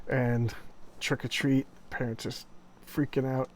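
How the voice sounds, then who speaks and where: A man's voice: medium pitch, level tone, unhurried, few pauses, a little mellow. Rambling man retelling comic stories. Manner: enthusiastic, rambling, acts out quoted lines in passing. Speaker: comic book video host. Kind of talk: casual comic book review, retelling stories.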